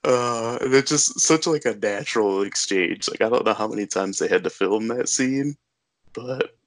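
A man's voice: medium pitch, normal speed. A man hosting a podcast, chatting casually about a film with fillers and easy laughter. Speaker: podcast host. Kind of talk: casual movie discussion.

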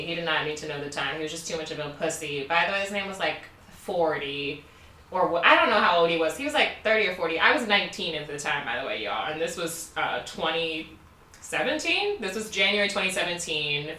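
Her voice sits low and sounds sharp as she, a podcast co-host in her twenties, recounts a trip in relaxed chat. She's candid, laughs a lot and leans on fillers. A little hiss or hum comes through, and the room sound suggests she's some distance from the mic.

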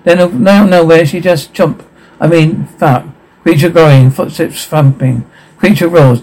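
A man reading captions and sound cues aloud in a halting, stumbling way with a flat delivery. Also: fairly high pitch, gravelly, slightly rough, poor audio.

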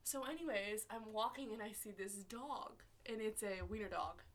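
She's a young podcast co-host in casual conversation, animatedly performing the quotes in her stories. Her pitch is medium and her speed normal.

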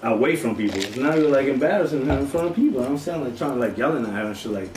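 A man co-hosting a casual comedy podcast, telling stories in an animated way that jumps high when he gets worked up. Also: rapid-fire, echoey room, distant mic, background noise. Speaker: podcast co-host.

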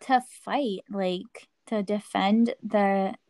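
A woman in casual chat, playful and quick to laugh. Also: medium pitch, fairly even intonation, a little mellow, dry recording.

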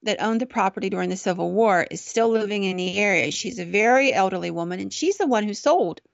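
A woman's voice: mid-range voice, quick pace, gravelly, dry recording. A woman podcast host casually telling a ghost story in a chatty, conversational way, on a dull, dry recording.

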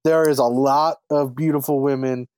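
A relaxed man co-hosting a film podcast, talking at a middling pitch with filler words and easy laughs. His voice is recorded close and dry. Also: moderate pace, clear, resonant tone, no room sound. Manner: easygoing, hesitant, laughs along. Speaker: podcast co-host. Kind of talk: casual film review chat.

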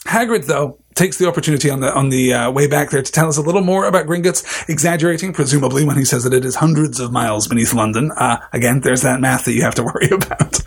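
A man's voice: medium pitch, quick pace, creaky, hardly any pauses, husky. A man hosting a live book discussion, talking in a thoughtful, discursive way and reading out listener comments. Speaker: podcast host.

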